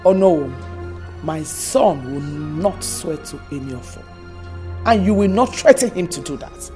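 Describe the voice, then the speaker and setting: A man's voice: a little high, a little slow, faint music behind. An actor with a Nigerian accent playing a sly king who shields his son and taunts his rivals. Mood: protective. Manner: calm and taunting. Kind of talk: Nollywood film acting.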